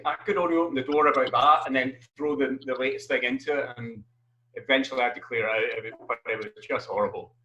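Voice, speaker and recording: A man, a full-time writer, chatting on an online panel in a hesitant, halting, wry way. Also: mid-range voice, bright, forceful tone, dull audio, a little hiss or hum. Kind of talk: casual online panel chat. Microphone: video call.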